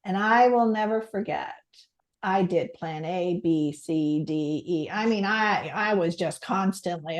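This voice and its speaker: A middle-aged Canadian woman with a fairly low voice speaks a little slowly. She is a podcast guest, a stress coach and author, earnestly sharing a heartfelt personal story.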